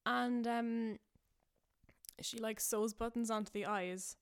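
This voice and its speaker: A young woman with a slightly high voice rambles through an improvised comic tale. She leans on "like" and "um," amusing herself as she goes, with a loose, unscripted delivery. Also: fairly even intonation, slow pace, smooth. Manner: rambling, filler-heavy, self-amused. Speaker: podcast host. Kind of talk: casual comedic rambling.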